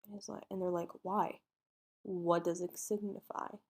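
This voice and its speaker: A woman's voice: on the low side, flat delivery, moderate pace, darkish tone, breathy edge. A woman co-hosting a podcast, casually retelling a true-crime case and acting out its dialogue in informal speech. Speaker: podcast co-host telling a case.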